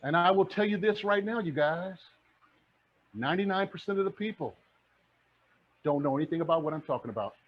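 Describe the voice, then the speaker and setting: Animated and fairly quick, with long pauses, a middle-aged man in a fairly high voice gives a motivational presentation as a real estate mentor. He's fired up and repeats his points like a preacher; the audio is muffled and lo-fi.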